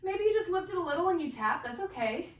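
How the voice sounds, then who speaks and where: Very high-voiced, animated and fast-talking, a woman runs a guided yoga class, naming poses and breaths and urging students on. She's doing the moves too, a little breathless. Her voice arrives from a distance amid a roomy echo.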